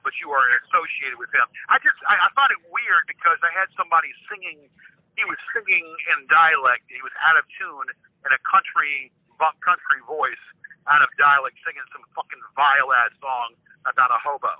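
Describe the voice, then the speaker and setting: An older man on the phone has a fairly high voice and a moderate pace, heard on a dry, tinny line. Suspicious and cursing, he stammers out a vow to track down whoever is pranking him, his defiance building into anger.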